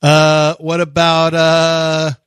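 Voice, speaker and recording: A middle-aged man on a sports radio show, playful and fond of teasing his co-hosts. His voice sits a little high for a man, and the studio sound is dry and close with no room echo. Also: monotone, drawn-out words, fairly bright tone, smooth. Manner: joking, playful, fond of teasing and tricking people. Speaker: radio sports talk host. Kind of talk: casual studio banter. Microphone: studio microphone.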